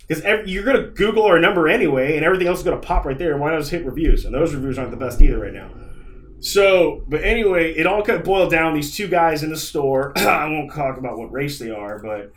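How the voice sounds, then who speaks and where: A man's voice: on the high side, animated, fast talker. Man venting in casual podcast chat. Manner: rambling, profane storytelling; frustrated venting.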